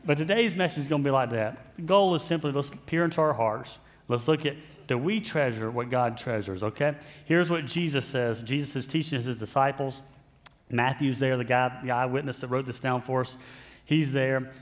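A man's voice: mid-range voice, moderate pace. Chatty male pastor in a reverberant hall. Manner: conversational, self-deprecating humor. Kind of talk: sermon.

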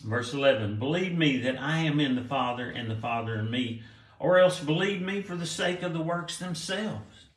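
A male pastor giving a conversational sermon, reading scripture aloud and explaining it with restarts and soft chuckles. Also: fairly high pitch, lively intonation, normal speed. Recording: roomy echo.

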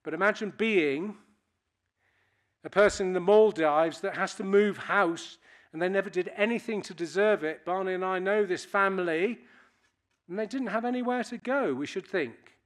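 A British man in his sixties gives a keynote speech to an audience, telling wry, anecdotal stories. He speaks in a high-pitched voice at a moderate pace.

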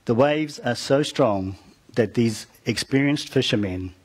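A man preaching, retelling a Bible story with dramatic rises and soft, trailing ends, turning to the listeners with asides. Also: medium pitch, measured pace, slightly rough. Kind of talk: storytelling sermon.

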